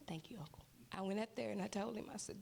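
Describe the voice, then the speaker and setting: A woman's voice: mid-range voice, fast, vocal fry, a little mellow, a little hiss or hum. A mother giving an emotional testimony at a church service, acting out what others said to her. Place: church sanctuary.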